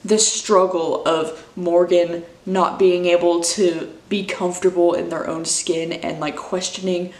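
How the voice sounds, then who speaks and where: A woman's voice: fairly low pitch, little pitch movement, a little slow, few pauses, a little mellow, roomy sound. A woman in her twenties chatting casually as a book vlogger, gushing and emotional, full of "like" and "dude". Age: 20s. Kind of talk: casual chat.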